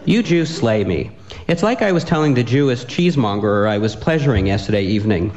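A man's voice: mid-range voice, very animated, brisk, darkish tone, highs cut off, close to an everyday voice. A man voicing a boastful giant warrior who mocks his small opponent, in a comic story reading. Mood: taunting. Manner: taunting, bragging.

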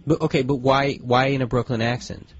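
A man's voice: mid-range voice, level tone, brisk, husky, no echo. A man playing the straight man in an improvised comedy sketch, hesitant and stammering as he pushes back. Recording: dry, dull lo-fi recording.

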